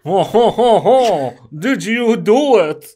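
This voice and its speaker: A man putting on a comic French detective voice, booming with theatrical laughs. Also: animated, unhurried, a little mellow. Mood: gloating. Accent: mock French. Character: hammy French male detective, gleeful.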